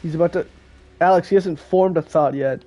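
A man's voice: fairly high pitch, brisk, dark tone. Goofy teenage boy streaming a game. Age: teens. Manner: goofy, joking, chatty with friends on a call. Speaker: gaming streamer. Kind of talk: casual live-stream commentary.

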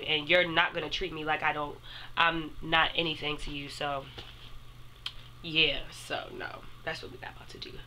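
Bright-voiced young woman telling a story. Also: sits low, slight background noise, poor audio. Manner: chatty, talks straight to viewers with "y'all". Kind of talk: casual storytime.

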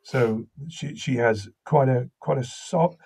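A man with a slight Welsh lilt talks through an interview in a husky voice. He tells anecdotes in an animated way and restarts his sentences often. His voice sits at a middle pitch. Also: slow. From Wales. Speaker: voice actor and audiobook narrator. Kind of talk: interview conversation.

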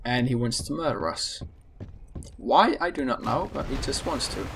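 A man giving let's-play commentary, excitable and panicky, swearing often at the game. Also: medium pitch, moderate pace, slight background noise. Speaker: gaming channel host.

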